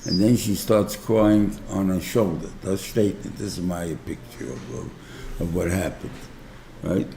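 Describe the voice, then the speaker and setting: Gravelly low-voiced man teaching a class. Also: fairly even intonation, a little slow, warm tone, reverberant, slight background noise. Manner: conversational, keeps checking in with "right?"; explains through everyday examples. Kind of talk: informal Torah class lecture.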